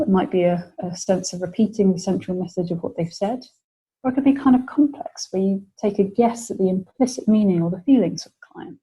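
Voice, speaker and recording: A woman's voice: mid-range voice, mellow, slightly rough, low-quality recording. A British woman presenting a webinar lecture, explaining ideas and acting out example phrases for clients.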